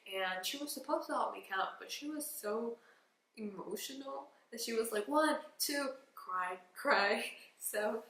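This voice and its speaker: A woman's voice: a little high, normal speed. Sniffling young woman telling a candid story. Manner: candid, animated and emotional, with whispered asides. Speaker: vlogger. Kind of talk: personal storytelling to camera. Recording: roomy echo with faint background noise.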